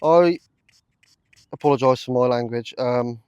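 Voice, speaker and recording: A man talking casually to camera while metal detecting in a field, chatty and easily excited, with lots of fillers. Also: medium pitch, normal speed, no echo, highs cut off. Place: open field outdoors.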